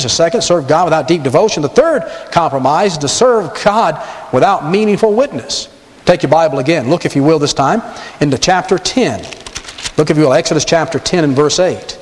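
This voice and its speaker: A man preaching a sermon, emphatic and full of rhetorical questions to his listeners. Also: a little high. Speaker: pastor. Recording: long hall reverb.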